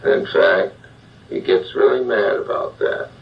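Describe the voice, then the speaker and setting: Older man, very deep voice, gravelly, self-help talk, distant lo-fi recording. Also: a little hiss or hum. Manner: plain, measured, addresses the listener directly. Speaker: clinical psychologist giving self-help talk. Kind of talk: slow guided self-help monologue. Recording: dull lo-fi sound, distant from the mic.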